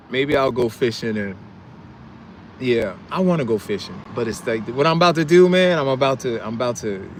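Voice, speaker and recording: A middle-aged man hosting a casual live stream outdoors, chatting and reading viewer comments, laughing often and trailing off into low mumbles. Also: a little hiss or hum.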